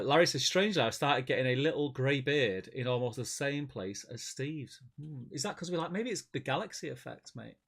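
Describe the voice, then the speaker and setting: A man co-hosting a live stream in casual chat, reading viewer comments aloud in a relaxed, chatty way. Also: mid-range voice. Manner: relaxed and chatty, calls his co-host mate. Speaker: stream co-host.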